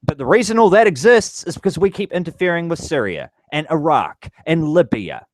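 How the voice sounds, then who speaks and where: A man's voice: a little high, sing-song, fairly quick, no echo, low-quality recording. Dude angrily ranting and swearing on his vlog, voice swings up and down a lot, dry close sound. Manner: angry, profane ranting. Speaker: vlogger. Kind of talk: political rant to camera.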